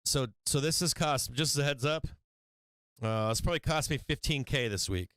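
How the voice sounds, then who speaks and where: A man's voice: medium pitch, moderate pace, fairly bright tone, clear, resonant tone, dry recording. A man hosting a stock trading live stream, talking casually, swearing and venting frustration about his trades.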